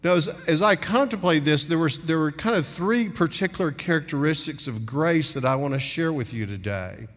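A man's voice: a little high, lively intonation, normal speed, few pauses. A middle-aged man preaching a sermon earnestly, acting out little dialogues as he speaks. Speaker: pastor. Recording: long hall reverb.

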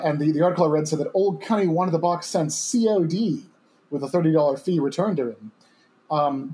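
A man's voice: a little high, darkish tone. A young man hosting a podcast, telling a story in a rambling way with many fillers and chuckling asides. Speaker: podcast co-host. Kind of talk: casual storytelling chat.

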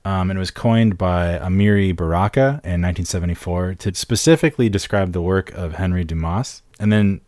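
A man co-hosting a podcast, explaining a term in a measured way with frequent "um" and "like" fillers. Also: sits low, a little mellow, no room sound, clean studio sound. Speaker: podcast co-host. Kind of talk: casual podcast discussion.

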